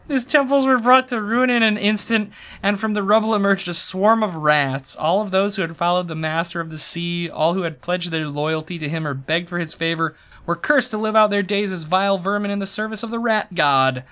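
A man's voice: sits high, normal speed, pushed and bright. A young man streaming a game, reading its lore aloud with drama and then chatting casually with his viewers. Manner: dramatic storyteller reading, loose and chatty between reads.

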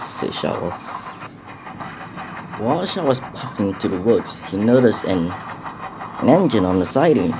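A man's voice: fairly low pitch, vocal fry, noisy background. A man narrating a homemade storybook tale with some hesitations and restarts.

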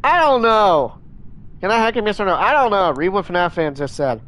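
A man streaming a game live, chatting in a rambling, excitable way and scolding his chat, with many restarts. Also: high voice, normal speed.

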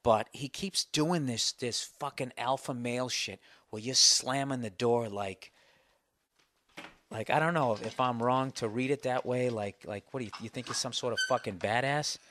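A man's voice: medium pitch, moderate pace, a bit bright, slight background noise. A middle-aged man hosting a solo podcast, rambling and swearing through a comedic story. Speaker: podcast host. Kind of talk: casual solo podcast monologue.

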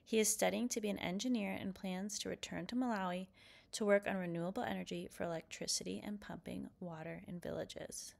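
A woman reading a children's picture book aloud, lively and expressive, then posing questions to young listeners. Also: mid-range voice, fairly quick, gravelly. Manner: expressive, lively character quotes. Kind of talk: read-aloud storytelling.

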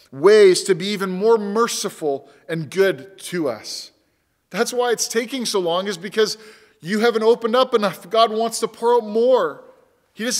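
A man's voice: sits high, big-room sound. A man preaching a sermon as pastor, earnest and emphatic, repeating key words for weight. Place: church sanctuary.

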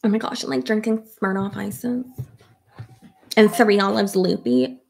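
A woman's voice: medium pitch, big pitch swings, measured pace, gravelly, breathy edge. A woman in her thirties chatting casually at her desk while doing her hair, rambling and laughing often. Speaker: YouTuber. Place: home office at her desk.

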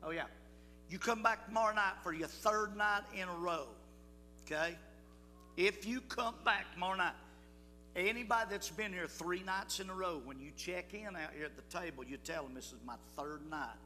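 An older man with a high-pitched voice, pushed and bright, speaks at normal speed as he leads a children's Bible school assembly in a church hall. He's folksy and coaxing, calling out to the crowd, and the recording carries hall reverb with music.

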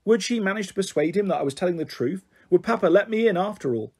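Husky man reading a story aloud. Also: high-pitched, fast talker. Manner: expressive read-aloud narration. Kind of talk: reading a children's novel aloud.

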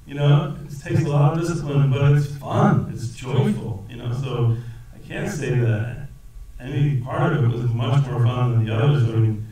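A man answering audience questions as a film actor at a cinema Q&A, talking in a rambling, lively way and laughing often. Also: mid-range voice, moderate pace. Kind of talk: conversational Q&A answers. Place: cinema auditorium. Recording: echoey theater from a distance with audience.

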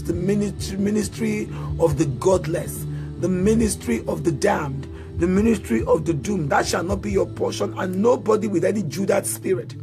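A man preaching and leading prayer, chanting declarations in a sing-song rhythm and prompting listeners to repeat after him. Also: high-pitched. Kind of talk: sermon prayer.

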